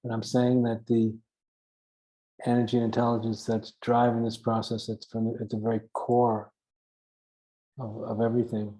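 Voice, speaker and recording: A man's voice: medium pitch, completely flat delivery, normal speed, long pauses, dark tone, poor audio. A man giving an earnest spiritual teaching talk, stressing his points by repeating phrases and now and then chuckling at himself.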